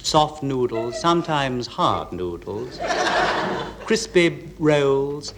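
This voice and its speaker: A man playing a panel game, talking in lively bursts, on an old recording with an audience. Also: medium pitch, drawn-out words, heavy background noise. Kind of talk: improvised panel game monologue. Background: studio audience laughter.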